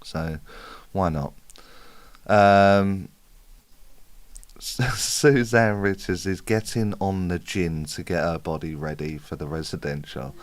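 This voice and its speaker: A man with a low voice hosts a relaxed live-stream Q&A, reading out viewer comments and answering off the cuff. His chat is informal and conversational. The sound is dry, with no room echo. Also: slow pace, pauses often. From United Kingdom. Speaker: spiritual medium hosting a live Q&A.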